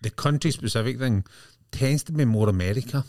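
A man's voice: medium pitch, fairly quick, a little mellow, no room sound, studio quality. A man co-hosting a podcast, rambling in casual chat and often checking that he is understood. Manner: rambling, often adds "do you know what I mean". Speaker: podcast co-host.

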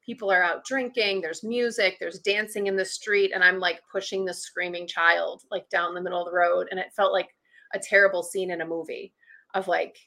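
A woman's voice: fairly low pitch, steady tone, moderate pace, bright, forceful tone. A woman on a podcast as a guest, telling a candid personal story in a chatty way, with lots of "like" and acted-out past thoughts. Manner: chatty, heavy use of "like", acts out past thoughts.

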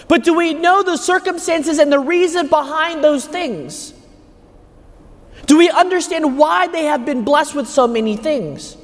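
A man with a high voice preaches a homily. He drives his points home with rhetorical questions, and his voice rings with the long reverb of a large church. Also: moderate pace. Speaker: homilist at Mass. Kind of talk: sermon. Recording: echoey church hall.

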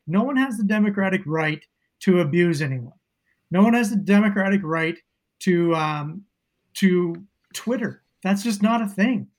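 A Canadian man giving blunt, emphatic political commentary in a casual podcast debate. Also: high-pitched.

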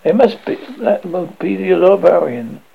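A man puts on a fussy, nervous bursar who soothes and hedges as he answers. His husky voice sits high and swings about widely. The recording sounds dull and lo-fi. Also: animated, unhurried, heavily acted. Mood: placating. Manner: hesitant, placating, nervous.

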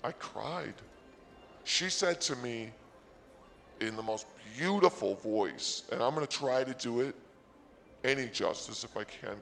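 带回声的男人讲荒诞故事. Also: male voice, medium pitch, gravelly, long reverb tail. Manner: rambling, absurd, excitable. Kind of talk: comic storytelling bit.

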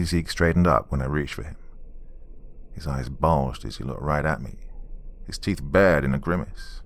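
Very deep-voiced man telling a story. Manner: dry, wry, matter-of-fact with dark humor. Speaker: former police officer telling a true story. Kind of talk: storytelling narration.

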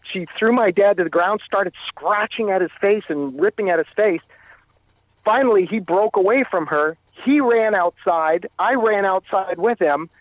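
A Canadian man with a high voice tells a personal story as an interview guest, speaking haltingly and often repeating and restarting phrases. The recording is muffled, with no echo.

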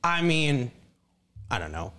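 A man's voice: on the high side, very animated, takes it slowly, sharp tone. A young man co-hosting a podcast, telling a rambling, profane story in casual chat. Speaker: podcast co-host.

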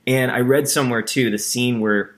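A man's voice: mid-range voice, fairly even intonation, moderate pace. Rambling, enthusiastic young man. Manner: enthusiastic, rambling, acts out quoted lines. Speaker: podcast co-host. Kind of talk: casual chat.

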